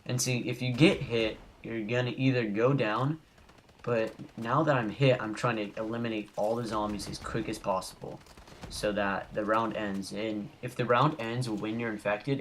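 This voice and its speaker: A man's voice: on the low side, fairly even intonation, normal speed, vocal fry. A young man giving casual, rambling commentary over his gameplay footage as the host of a gaming channel, goofy and easily sidetracked. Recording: home recording with faint background noise.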